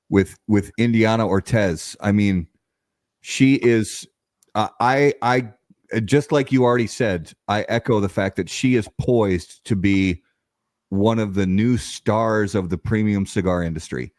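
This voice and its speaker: A man's voice: on the low side, a little mellow, dry recording, clean studio sound. A male host asking a long, rambling question in a casual interview. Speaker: show host.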